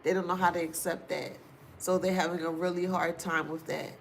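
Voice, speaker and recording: A woman's voice: fairly low pitch, little pitch movement, vocal fry, a little hiss or hum. Chatty woman giving a casual reading. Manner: chatty and informal, with drawn-out asides and frequent laughs; repeats phrases for emphasis. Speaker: astrology or tarot reader. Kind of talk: casual spiritual reading to viewers.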